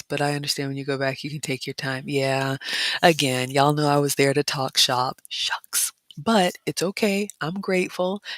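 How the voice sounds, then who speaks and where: A woman vlogger chatting casually and reading viewer comments, dropping into excited whispers. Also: sits low, dry recording. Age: adult mother. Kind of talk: casual chat narrating photos, reading live comments.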